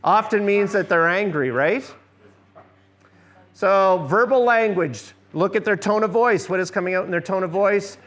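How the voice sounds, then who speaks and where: High-voiced man leading a workshop. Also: moderate pace, a bit bright. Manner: conversational, asks the audience questions. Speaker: seminar presenter. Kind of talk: church workshop lecture.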